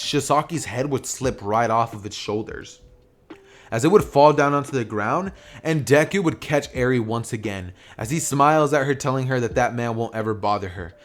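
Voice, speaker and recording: A young man casually narrating an anime what-if story, rambling with lots of fillers and restarts. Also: mid-range voice. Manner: rambling, filler-heavy retelling.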